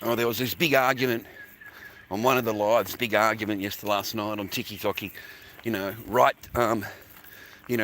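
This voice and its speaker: Man, middle-aged, tired, coughing, swearing livestream ramble, phone mic, clear street noise. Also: on the low side, steady tone, moderate pace, fairly bright tone. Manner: swearing, rambling, calls listeners mate. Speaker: live streamer. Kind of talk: rambling casual livestream chat.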